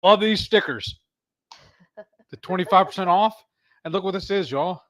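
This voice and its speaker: A man's voice: high-pitched, normal speed, fairly bright tone. A man co-hosting a live cooking stream, bantering in a laid-back, teasing way. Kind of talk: casual live cook-along chat.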